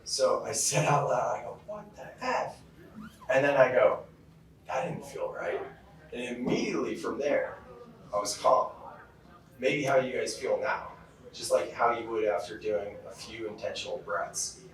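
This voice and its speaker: A man's voice: mid-range voice, steady tone, moderate pace. A man from California giving a motivational keynote talk, telling stories in a casual way with lots of fillers. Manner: casual storytelling with many fillers. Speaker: keynote speaker. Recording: very echoey hall, heard from far off.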